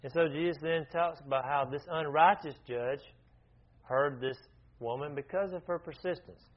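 A man's voice: on the high side, moderate pace. A man leading an informal Bible study, talking conversationally, often restarting his sentences and asking the group questions. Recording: dull lo-fi recording.

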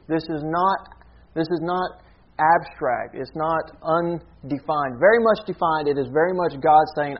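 A man's voice: fairly high pitch, a little slow, lo-fi sound. A man preaching a sermon in an earnest teaching manner, often checking in with a rhetorical "okay?".

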